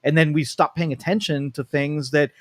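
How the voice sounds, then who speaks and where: A man's voice: fairly high pitch, fairly even intonation, normal speed, no room sound. A man co-hosting a live talk show, thinking aloud at length and restarting his sentences as he explains his views. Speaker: co-host. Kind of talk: casual talk show discussion. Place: studio.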